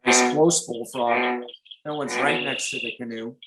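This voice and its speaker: A man from Michigan teaching about frogs in a relaxed, chatty live presentation, now and then imitating frog calls. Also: medium pitch, unhurried, soft background music, poor audio. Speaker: nature educator.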